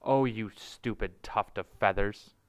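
A man voicing a brisk brave mongoose. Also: fairly low pitch, background noise. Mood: scolding.

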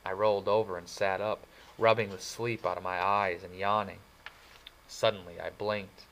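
A man narrating a novel in the first person for an audiobook, in a plain, even storytelling read. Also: low voice, moderate pace, poor audio.

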